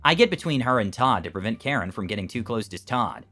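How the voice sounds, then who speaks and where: A man narrating an online story with expressive delivery. His pitch swings very widely and his tone is bright and forceful, with faint music behind him. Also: fast talker, hardly any pauses, husky.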